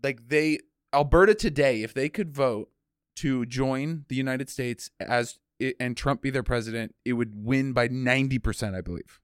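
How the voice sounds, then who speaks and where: A man co-hosting a podcast who needles his guest with rambling questions full of "like" fillers. His voice sits at a mid pitch and sounds smooth and clean. It is recorded close and dry. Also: moderate pace, no room sound. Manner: teasing, filler-heavy questions. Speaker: podcast co-host. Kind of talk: casual podcast banter.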